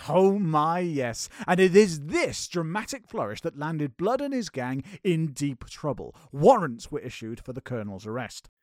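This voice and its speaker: Theatrical, high-voiced male storyteller host. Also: sing-song, normal speed, hardly any pauses, a little mellow, no echo, studio quality. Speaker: host and narrator. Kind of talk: comedy history podcast narration.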